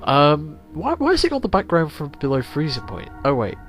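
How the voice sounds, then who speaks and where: A let's play host whose voice is on the high side talks briskly, chatting and rambling about the game he's playing and swearing often and energetically. Game music runs underneath.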